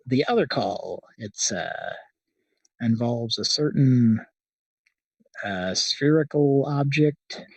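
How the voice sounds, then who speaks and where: A man's voice: medium pitch, animated, slow, vocal fry, pauses often, husky, dry recording, distant mic. Rambling, hesitant male co-host. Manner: hesitant, rambling announcer patter. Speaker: comedy show co-host. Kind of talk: casual banter.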